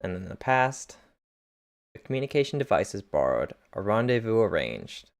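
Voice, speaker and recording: Low-voiced man reading dramatic captions. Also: big pitch swings, moderate pace. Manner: casual, stumbles on words. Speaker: reader narrating a webcomic.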